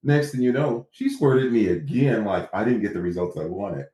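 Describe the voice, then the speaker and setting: This casual interview guest, a man with a fairly low pitch, talks at normal speed while animatedly telling his story and mimicking what others said. The sound is roomy and the recording low in quality.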